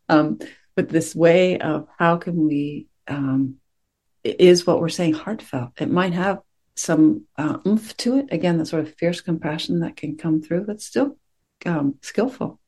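A woman meditation teacher giving a dharma talk to her class, gentle and reflective, pausing often as she searches for words. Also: on the low side, breathy edge.

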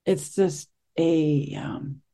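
A middle-aged meditation teacher giving a soft-spoken, reflective talk after a group sit, pausing often and searching for words. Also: mid-range voice. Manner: soft-spoken, gentle, searching, with many pauses and fillers.

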